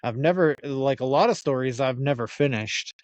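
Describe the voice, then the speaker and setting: A man's voice: mid-range voice, normal speed, darkish tone, no echo, lo-fi sound. A man from the United States hosting a podcast, chatting casually with laughs and the odd swear word. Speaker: podcast host.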